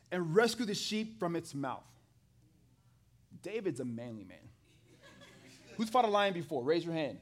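A man preaching a sermon to a live congregation, acting out the scripture dialogue in an animated way and talking with the people in the pews. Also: a little high, normal speed, long pauses. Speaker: pastor. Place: church hall with a live congregation.

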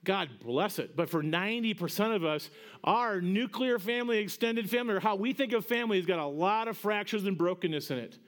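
Animated, high-pitched preaching pastor. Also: male voice, brisk. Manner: animated, conversational preaching with rising emphatic peaks. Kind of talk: sermon.

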